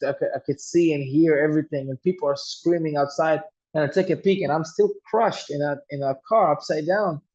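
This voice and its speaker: A man's voice: on the high side, darkish tone, highs cut off. A man telling a personal story earnestly, often restarting and repeating words. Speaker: guest telling his story.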